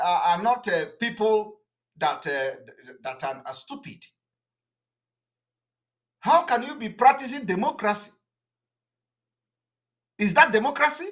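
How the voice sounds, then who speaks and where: A man's voice: sits high, sharp tone. A Nigerian-accented man giving a combative, indignant political address on a livestream, hammering points with repeated rhetorical jabs. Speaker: political activist addressing viewers.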